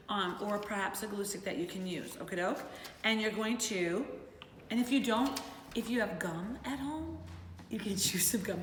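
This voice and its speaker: A woman's voice: medium pitch, fairly bright tone, slight background noise. Middle-aged woman teacher, bouncy sing-song voice for little kids, echoey room with a long tail. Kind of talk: remote class lesson for young children. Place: home. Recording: roomy echo with faint ambience.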